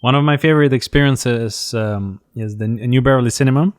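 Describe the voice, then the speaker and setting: Man, Russian accent, interview host, casual, halting delivery. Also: mid-range voice. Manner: halting, with many restarts and fillers.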